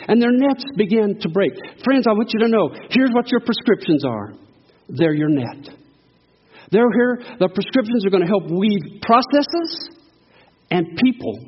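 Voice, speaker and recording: Man, preacher, folksy call-and-response sermon, breathy high voice, echoey lo-fi church recording. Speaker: guest preacher. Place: church sanctuary. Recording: echoey hall, dull lo-fi sound.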